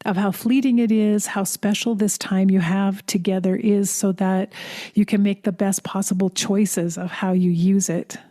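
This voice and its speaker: A woman's voice: medium pitch, steady tone, moderate pace, mellow. A woman hosting a podcast interview, responding to her guest in an affirming, conversational way. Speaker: podcast host.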